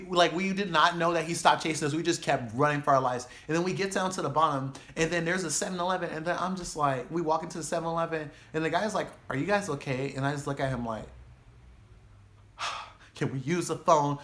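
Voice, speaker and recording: A young man tells a wild storytime to his vlog audience, loose and profane. His voice sits a little high for a man, and he acts out every line of dialogue. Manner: animated, profane storytelling with acted quotes. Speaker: vlogger.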